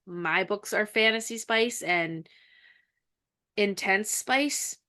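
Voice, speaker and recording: A woman's voice: mid-range voice, slow pace. A woman hosting a podcast in casual chat, telling stories animatedly and acting out bits of dialogue. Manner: animated storyteller who acts out dialogue. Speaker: podcast host and author.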